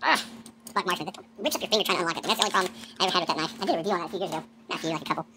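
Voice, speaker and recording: A man's voice in sped-up playback, chipmunk-high, muttering to himself while he tidies up. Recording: fast-forwarded home video with hiss.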